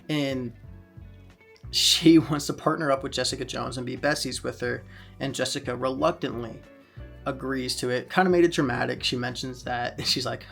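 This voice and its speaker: A man's voice: medium pitch, gravelly, fairly bright tone. A man casually reviewing comic books in a chatty vlog, recapping plots with fillers along the way.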